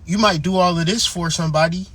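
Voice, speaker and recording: A man's voice: high voice, steady tone, fast talker, a bit bright, husky. A man hosting a channel, delivering a blunt, profane, emphatic ranting monologue. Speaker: channel host.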